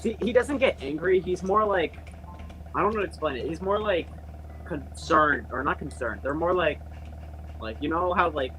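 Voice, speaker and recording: A young man with a slightly high voice talks casually on a group call, rambling and restarting his sentences. Faint hiss runs under his voice. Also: expressive, moderate pace, fairly bright tone, poor audio. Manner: rambling, many fillers and restarts. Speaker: channel host.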